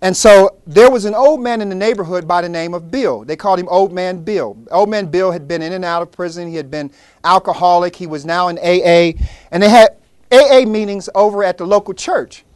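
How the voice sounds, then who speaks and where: High-voiced man telling a story with passion. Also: brisk, clean tone, no room sound. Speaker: presenter. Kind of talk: storytelling presentation.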